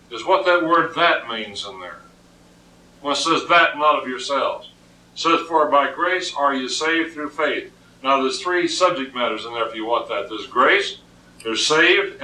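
A man's voice: medium pitch, bright, forceful tone, far from the mic. A man preaching a sermon, emphatic and often repeating words as he reasons aloud, recorded in an echoey room with the voice off-mic.

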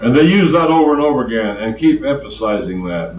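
Fairly quick and full of big pitch swings, an older man's medium-pitched voice carries a plainspoken, storytelling sermon built on emphatic repetition. The lo-fi recording is distant and roomy, with background noise.

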